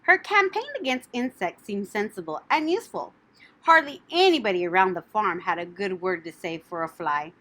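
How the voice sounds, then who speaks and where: Bright, animated woman reading a story. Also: mid-range voice, moderate pace. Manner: expressive, animated. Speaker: audiobook narrator. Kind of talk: children's book reading.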